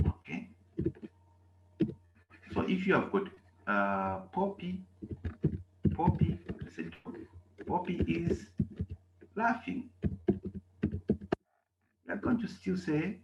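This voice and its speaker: A man teaching a class at an unhurried pace, drawing out his examples word by word. His pitch swings widely as he stresses each point. The room is echoey, with a faint hiss behind him. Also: lo-fi sound. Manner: slow, animated teaching with drawn-out examples. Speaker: German language teacher. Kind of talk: classroom lesson.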